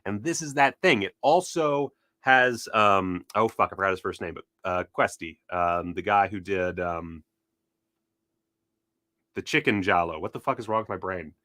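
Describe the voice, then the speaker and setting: Excitable, profane man with a bright voice. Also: low-pitched, moderate pace, no echo, studio quality. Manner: excitable, profane, rambling, loses his train of thought. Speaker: cult film video host. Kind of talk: casual unscripted browsing commentary.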